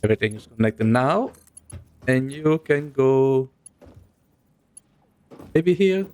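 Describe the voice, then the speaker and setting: Slow-talking man narrating his gameplay. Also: mid-range voice, lively intonation, darkish tone, smooth. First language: not English. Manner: unhurried, thinking aloud with many fillers. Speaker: gaming video host. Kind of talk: casual gameplay commentary.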